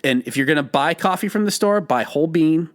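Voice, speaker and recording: A man co-hosting a podcast, talking in casual banter, emphatic and quick to laugh. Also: fairly high pitch. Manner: animated and emphatic, laughs often. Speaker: podcast co-host.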